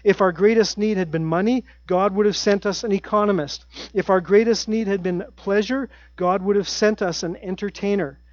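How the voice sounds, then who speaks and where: A middle-aged man preaching a sermon in an earnest way, repeating his key phrases and dropping his voice to a hush at times. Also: high-pitched, steady tone, moderate pace, no room sound, muffled recording. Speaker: pastor.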